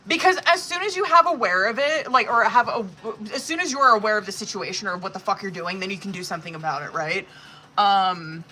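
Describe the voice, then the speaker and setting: A woman reading tarot cards on a live stream, blunt and expressive, swearing freely as she talks the viewer through each card. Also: mid-range voice, brisk. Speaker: tarot reader.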